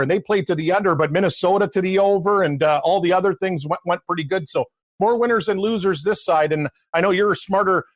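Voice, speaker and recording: A man's voice: sits high, dry recording. A man co-hosting a sports betting podcast, chatting casually with a joking, self-deprecating manner. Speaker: podcast co-host.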